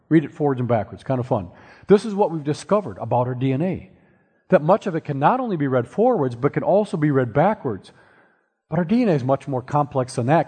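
A husky-voiced middle-aged man speaks to an audience, walking listeners through his points with homely analogies and the odd dry joke. His voice rings out with a long reverb tail from a large hall. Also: medium pitch, a little mellow. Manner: explains with everyday analogies and wry asides. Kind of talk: presentation to an audience.

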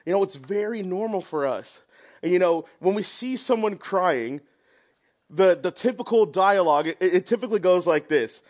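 A man's voice: sits high, animated, moderate pace, darkish tone. A young man preaching a sermon in an earnest, conversational way, with a prayer and casual asides to the people around him.

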